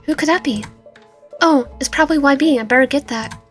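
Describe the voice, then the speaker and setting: A woman streaming a visual novel, reading its narration and dialogue aloud with lively reactions, now and then dropping to a whisper. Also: high voice, brisk, soft background music. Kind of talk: reading game text aloud while playing.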